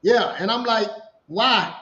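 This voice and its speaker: Middle-aged man, high-ish voice, animated casual storyteller; roomy, muffled room sound. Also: brisk. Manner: animated, repeats himself, laughs while telling. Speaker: podcast co-host sharing his story.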